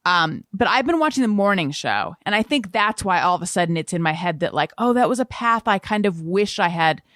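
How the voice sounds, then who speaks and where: A woman's voice: lowish voice, lively intonation, brisk, a bit bright, no echo, studio quality. A woman hosting a podcast in casual chat, asking curious questions. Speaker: podcast host.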